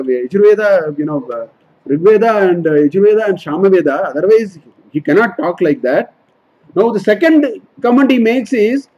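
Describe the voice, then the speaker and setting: The low-quality recording captures a Vedanta teacher with a high-sitting voice that's a little mellow and slightly rough. He explains scripture verses line by line for his study class, repeating and correcting himself often.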